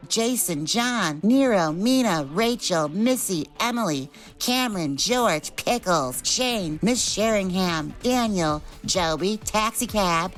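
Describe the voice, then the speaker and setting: A woman reading out a long list of supporter names in a steady shout-out. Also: medium pitch. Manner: slow, even list-reading.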